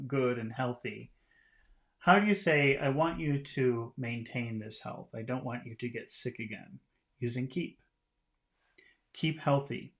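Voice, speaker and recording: A man giving a casual English lesson, explaining phrases in a relaxed way and often chuckling. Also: medium pitch. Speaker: English teacher.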